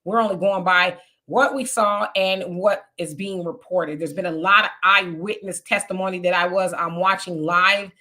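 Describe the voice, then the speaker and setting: Casting note: woman, live-stream host, clear bright tone, chatty, answers viewer comments. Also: on the low side, steady tone, moderate pace. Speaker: livestream host reading chat comments. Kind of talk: casual live-stream chat.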